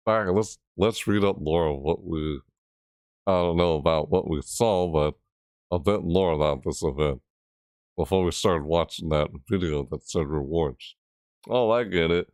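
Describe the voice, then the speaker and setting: A man rambling and giggling through a game video commentary at his computer, breaking into loud whoops and screams. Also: sits low, no room sound, clean studio sound. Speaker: gaming video creator. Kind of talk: rambling commentary over a game event overview.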